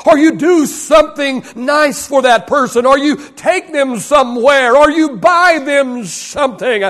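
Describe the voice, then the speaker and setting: In a very high, fairly bright voice, a male pastor delivers a sermon a little slowly during a church service. Emphatic repetition of key phrases drives his preaching, and he draws the congregation into call-and-response.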